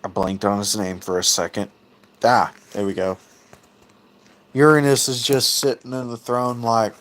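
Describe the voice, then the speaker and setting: A man's voice: on the low side, level tone, measured pace, pauses often, fairly bright tone. A man hosting a casual livestream, reading old myths aloud and retelling them in a laid-back, profane way. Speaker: mythology video host.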